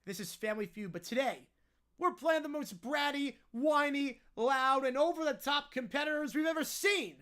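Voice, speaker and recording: A man hosting a parody game show with deadpan, wry asides. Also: extremely high pitch, moderate pace. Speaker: host.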